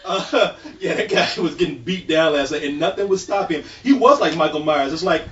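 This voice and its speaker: A man telling a story in casual chat, animated and laughing as he goes, swearing freely. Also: on the high side, moderate pace, slight background noise. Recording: roomy, distant, muffled.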